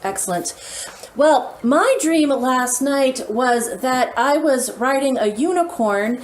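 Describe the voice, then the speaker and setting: A woman's voice: sits high, lively intonation, slow. A woman asking playful, leading questions in a mock church interview. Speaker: skit interviewer. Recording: roomy with faint noise.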